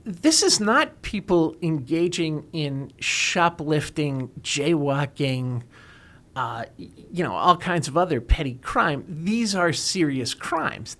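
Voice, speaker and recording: A man's voice: fairly high pitch, fairly bright tone. A man explaining and arguing a legal point in an emphatic, lawyerly way on a talk show.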